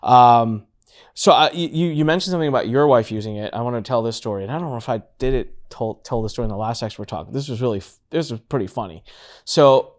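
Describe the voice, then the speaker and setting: A man in his thirties hosting a casual business talk, telling a story with lively acted-out quotes. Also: medium pitch, quick pace. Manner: animated storytelling, acts out quotes. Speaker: podcast host.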